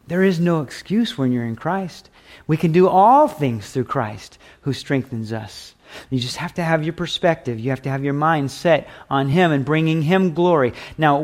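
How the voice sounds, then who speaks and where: A middle-aged male pastor preaching a conversational sermon, earnest and plain-spoken, acting out quotes as he teaches. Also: a little high.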